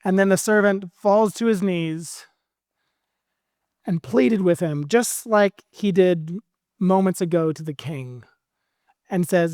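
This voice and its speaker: A male pastor with an American accent, preaching a sermon in a conversational, animated storytelling way. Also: high voice, slow, long pauses, no room sound, studio quality.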